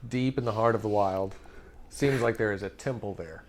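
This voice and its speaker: A man's voice: lowish voice, moderate pace, a little hiss or hum. A man running a tabletop game as game master, narrating scenes and asking players for decisions in an amused, easygoing way.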